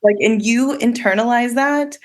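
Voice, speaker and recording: A woman's voice: fairly high pitch, moderate pace, a little hiss or hum. A woman who is a podcast guest, speaking candidly about her own experiences, with frequent fillers and the odd swear word. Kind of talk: casual personal storytelling.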